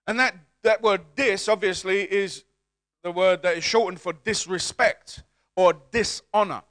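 A man, a pastor, preaching a lively call-and-response sermon in a church, building to shouts and coaxing the congregation to repeat words. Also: high voice.

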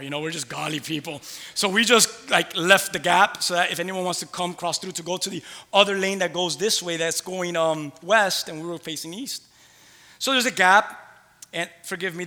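A male pastor preaching a sermon and telling a personal story in an animated way that builds to loud exclamations. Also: sits high, in a large hall.

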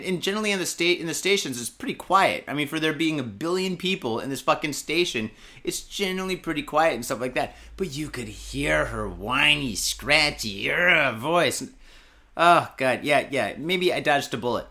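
Guy hosting a podcast, cussing a lot, rambly, bright punchy voice. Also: a little high. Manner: profane, rambling storytelling. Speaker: podcast host. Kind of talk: casual podcast chat.

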